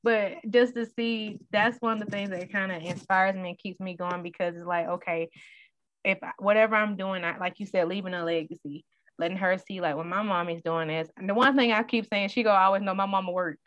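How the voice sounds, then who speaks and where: A woman in her thirties in casual conversation, an animated storyteller who acts out the voices in her stories. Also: medium pitch, brisk, no echo. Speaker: guest sharing her story. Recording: dull, dry sound.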